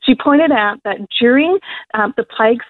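A woman, sharing an emotional faith testimony and leading a prayer, quick to laugh and to quote herself. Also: fairly high pitch, dry recording. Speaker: guest on Christian radio. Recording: dry phone-line sound.

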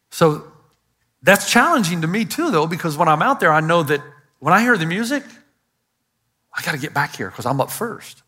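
An older man, a pastor, preaching a sermon to a congregation, telling stories and driving his points home with loud emphatic lines and quiet asides. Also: fairly high pitch. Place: church auditorium. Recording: live sermon in a large hall with long reverb.

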